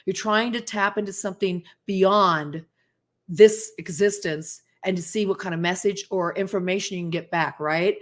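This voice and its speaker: A woman appearing as a guest tells spooky stories in a casual interview, animated and acting out the voices she quotes. Her voice is mid-range and her pace moderate.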